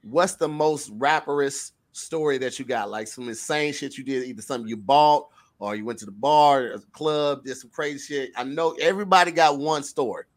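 A man co-hosting a casual podcast, talking in a playful, animated way and swearing freely. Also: mid-range voice, moderate pace. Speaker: podcast co-host.

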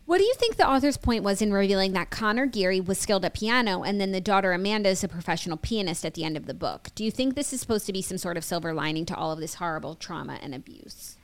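A woman's voice: medium pitch, expressive, fast, few pauses. A woman hosting a casual book club podcast, chatty and full of fillers. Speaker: podcast host.

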